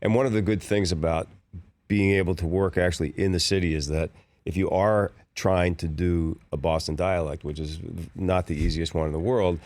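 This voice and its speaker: A man in his sixties from Philadelphia, a guest actor telling relaxed, rambling stories in a casual interview. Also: sits low, normal speed, no echo.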